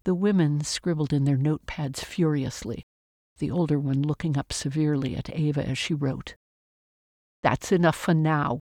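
A measured literary narrator reading a novel aloud. The voice sits at a middling pitch, recorded close and dry with no room sound. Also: fairly even intonation, mellow, no room sound. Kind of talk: scripted audiobook narration.

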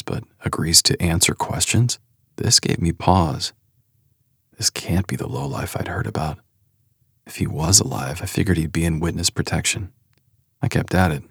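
Male storyteller, husky and dry-sounding, candid, wry, first person. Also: a bass voice, normal speed, fairly bright tone, dry recording.

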